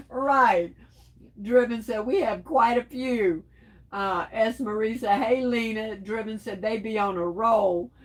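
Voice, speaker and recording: A woman in middle age hosts a relaxed livestream, reading out viewer comments one by one and answering them. Her voice sits a little high, and she talks in a teasing, friendly way, calling the audience y'all. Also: poor audio. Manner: chatty and teasing, addresses viewers as y'all, laughs often. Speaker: livestream host.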